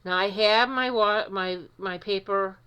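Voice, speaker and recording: A woman's voice: medium pitch, measured pace, sharp tone, clean tone, muffled recording. A woman hosting her own art vlog, chatting casually and poking fun at herself, with plenty of fillers as she sets up at her desk. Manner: self-deprecating, chatty with many fillers. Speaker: art channel host.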